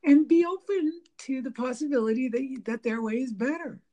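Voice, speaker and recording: Speaking at a moderate pace in a high-sitting voice, a woman talks loosely about relationships. She's animated, laughing a lot, stumbling through fillers and restarts, and mimicking bits of conversation.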